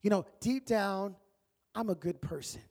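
A man preaching a sermon as a pastor, telling stories in a relaxed, conversational way and acting out voices. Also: sits high, unhurried, in a large hall. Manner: conversational storytelling, acts out voices.

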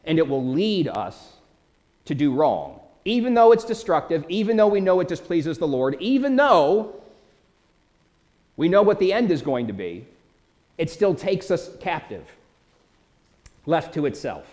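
A man preaching a sermon as pastor, animated, with dramatic quoted outbursts. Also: fairly high pitch, measured pace, pauses often.

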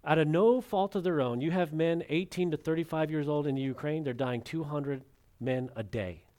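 Dramatic preacher swinging loud to hushed. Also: male voice, on the high side, normal speed. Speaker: pastor. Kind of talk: sermon.

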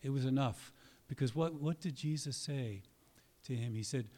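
Male preacher, mid-pitched voice, earnest and emphatic, sermon delivery with dramatic pauses. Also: mellow.

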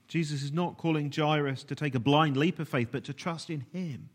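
A man preaching a sermon earnestly, at times dropping to a hushed, almost whispered voice. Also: on the high side, moderate pace, hardly any pauses. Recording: long reverb of a large hall.

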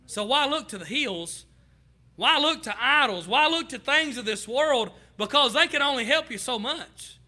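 A man's voice: extremely high pitch, expressive, normal speed, pushed and bright. A young man preaching a sermon, telling folksy stories with fillers and repeated words. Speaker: pastor.

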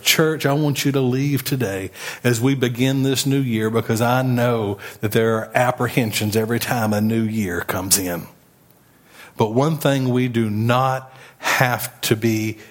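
Guy pastor preaching slow and emphatic, call and response with the church. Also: medium pitch, a bit bright. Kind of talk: sermon.

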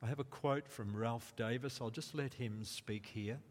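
A man preaching a sermon in a slow, deliberate way, rising to emphatic quotes. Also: medium pitch. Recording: long reverb of a large hall.

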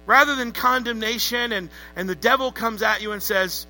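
Male pastor, high and sharp-toned, emphatic sermon delivery that pulls the congregation into call and response. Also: moderate pace, hardly any pauses, slight background noise, rough recording. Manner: emphatic, calls on the congregation to repeat words.

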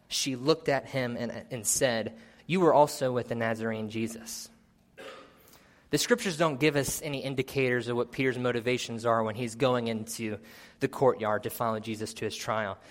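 Earnest man preaching a sermon. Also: a bit bright. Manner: earnest, rising to emphasis and dropping low at solemn points; reads scripture aloud with measured pauses.

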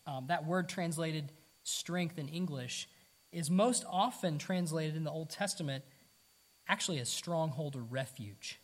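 A man's voice: fairly high pitch, measured pace. A man preaching a conversational sermon to his congregation, earnest, asking rhetorical questions and repeating himself. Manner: repeats words, casual asides. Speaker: pastor.

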